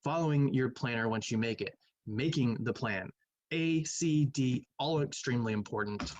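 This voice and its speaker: A man's voice: medium pitch, normal speed, a little mellow, a little hiss or hum, poor audio. A man who teaches math, casually reviewing quiz answers in a recorded lecture, thinking aloud and humming between questions.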